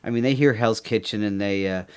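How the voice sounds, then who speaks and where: A man's voice: on the low side, brisk, darkish tone, clear, resonant tone. A man from Canada co-hosting a podcast, rambling and joking through casual commentary and laughing often. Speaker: podcast co-host.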